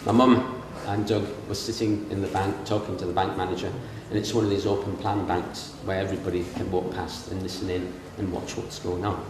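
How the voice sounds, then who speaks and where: His voice sits low with little pitch movement, and he talks briskly with few pauses. He's a middle-aged Englishman giving the best man's speech at a castle wedding, a comic one delivered from memory, full of stories and voice impressions. The recording is distant and echoey, picking up noise from the big reception room.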